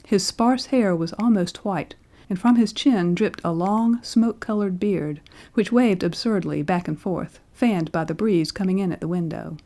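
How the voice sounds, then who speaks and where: A woman narrating a classic story as an audiobook, in a measured, expressive reading. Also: on the low side. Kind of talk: scripted literary narration.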